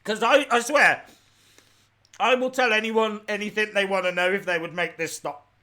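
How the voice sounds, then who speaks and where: A man's voice: sits high, moderate pace, pushed and bright. A man hosting a live reaction stream, teary with a runny nose, talking in dramatic, exasperated outbursts.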